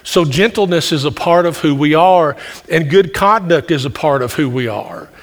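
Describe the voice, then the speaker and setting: A fairly high-voiced man preaches to his congregation, his loud, carrying voice ringing out in a large hall with a long reverb. He talks in a folksy way, often restarting his sentences. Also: expressive, normal speed. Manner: folksy storytelling with frequent restarts. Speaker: pastor. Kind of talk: sermon.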